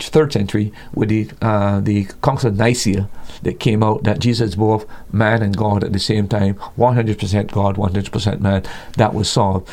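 A man of middle pitch teaching church doctrine as a guest in an interview. He speaks emphatically, stumbles through restarts and repeated words, and leaps higher when he mocks what he sees as excess. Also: darkish tone.

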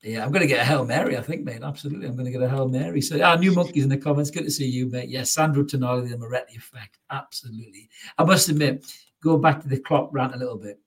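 A man's voice: medium pitch, fast talker. A man over 38, hosting a casual football chat with blunt, sweary banter. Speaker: podcast host.

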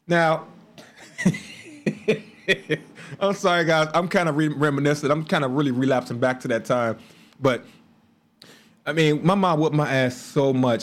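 A man, telling stories casually on a livestream with laughs and asides. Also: mid-range voice. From Chicago. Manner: animated storytelling with laughs and asides. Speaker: livestream host.

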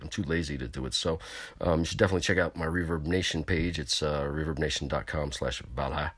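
Deep-voiced rambling male show host. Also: no room sound. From California. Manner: rambling, boastful, crude. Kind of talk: casual chat show. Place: on location.

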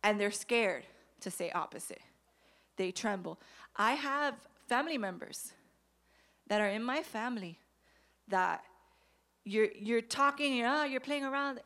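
A woman's voice: medium pitch, gravelly. A woman preaching a sermon and telling her own testimony, acting out quoted voices along the way. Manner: personal testimony told with quoted voices, animated.

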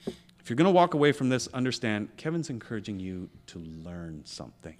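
A man's voice: lowish voice, sing-song, fairly quick, a little mellow. Profane ranting man on a podcast. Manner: parent of a school-age child. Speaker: podcast co-host. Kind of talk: casual opinionated chat.

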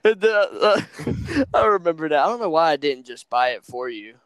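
A man's voice: a little high, very animated, normal speed, fairly bright tone, smooth, dry recording. A young man, a podcast guest, chatting casually and poking fun at himself while he recalls shared memories. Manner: easygoing, self-mocking storyteller. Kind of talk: casual chat.

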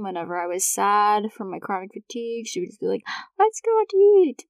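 A woman's voice: lowish voice, no echo. A young woman talking casually in a personal podcast monologue, chatty, with frequent laughs and fillers. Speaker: podcast host.

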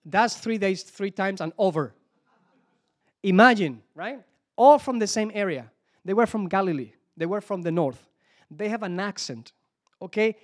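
A male preacher with a high voice and a Spanish accent delivers a sermon in English. He restarts his phrases, repeats words and pauses to search for English terms, turning to the audience for help. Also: lively intonation. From Spain.

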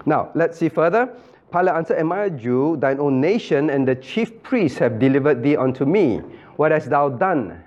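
A male pastor leads a Bible study, his fairly high voice swinging widely in pitch as he questions listeners by name. He repeats key phrases and slips into the voices of the people he quotes. The recording is muffled and lo-fi. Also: animated, moderate pace, darkish tone. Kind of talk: interactive Bible study teaching.

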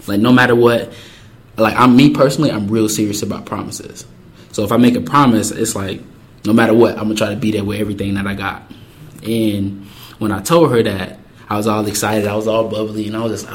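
A young man casually telling a personal story, acting out the quoted lines in lively voices. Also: fairly low pitch, a little fast. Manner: animated, acts out quotes with voices.

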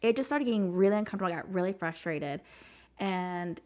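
A woman with a somewhat low voice talks through her own story as an interview guest. She is animated and conversational, leans on "like," and acts out the lines others said to her. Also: fairly quick. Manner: animated, says "like" a lot, acts out what others said. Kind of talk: personal storytelling in casual conversation.

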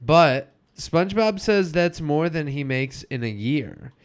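A man's voice: on the high side, animated, smooth. A man co-hosting a casual podcast, recapping a cartoon episode and mimicking the characters' lines as he goes. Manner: retells scenes with quick mimicked lines. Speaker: podcast co-host.

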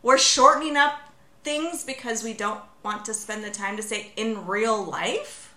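A woman's voice: a little high, unhurried, bright, forceful tone, reverberant. A woman in her thirties co-hosting a podcast, chatting casually, rambling with fillers and laughing often. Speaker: podcast co-host. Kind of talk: casual chat.

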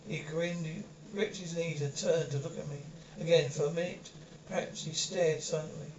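A man narrating a novel in the first person, reading haltingly with frequent slips and restarts. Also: a little high, steady tone. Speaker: audiobook narrator. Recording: dull lo-fi recording with faint hiss.

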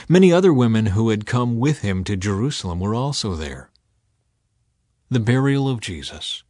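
A man's voice: lowish voice, darkish tone, no room sound, clean studio sound. A man reading a Bible passage aloud with dramatic emphasis, his voice swelling on the quoted cries. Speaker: scripture reader.

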